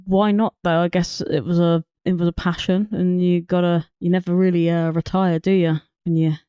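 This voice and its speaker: Chatty co-host, mid pitch. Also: flat delivery, normal speed, mellow, clean tone, no echo, studio quality. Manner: chatty, laughs often, swears. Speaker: podcast co-host. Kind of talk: casual film chat.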